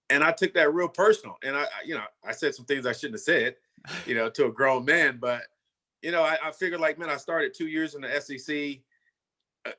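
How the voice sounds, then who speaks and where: A man's voice: mid-range voice, moderate pace, pushed and bright. A man in his fifties, a former football player, telling his story in a casual way and often saying "you know" and "man".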